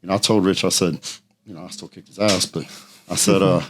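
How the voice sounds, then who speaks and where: A man's voice: low voice, steady tone, a little hiss or hum. A man, a podcast guest telling blunt, profane stories in casual chat. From Texas. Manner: blunt, profane, fast anecdotes. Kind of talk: casual storytelling.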